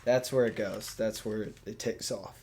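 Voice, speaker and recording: A man's voice: lowish voice, fairly even intonation, measured pace, mellow. A man co-hosting a casual tech podcast, rambling and thinking aloud with lots of "like"s. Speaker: podcast co-host.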